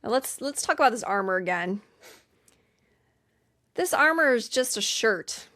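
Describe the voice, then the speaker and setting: A woman's voice: a little high, lively intonation, measured pace, bright, forceful tone. A woman co-hosting a podcast, recapping a film in a casual, chatty way with lots of fillers. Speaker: podcast co-host. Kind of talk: casual movie recap chat.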